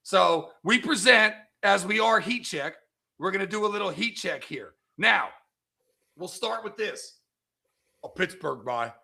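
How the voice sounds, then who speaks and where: A middle-aged man from California hosts a casual sports talk show, loud, emphatic and quick to argue. His voice sits high and bright, with a gravelly edge of vocal fry running through it. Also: expressive. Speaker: podcast host.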